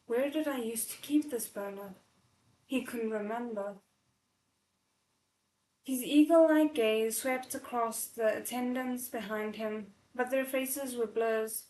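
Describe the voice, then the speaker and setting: A woman's voice: fairly high pitch, slow pace, a little mellow, reverberant, slight background noise, low-quality recording. A woman reading a novel aloud, breaking off for emotional, tearful comments. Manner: emotional, tearful asides between passages. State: choked up from crying. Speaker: novel readalong host.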